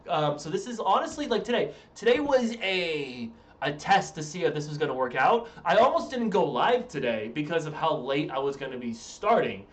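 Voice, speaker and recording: A tired young man streaming from home, chatting casually with his audience in a rambling, self-interrupting way. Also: on the high side. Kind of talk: casual live-stream chat. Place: room at home. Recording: roomy echo, from a distance.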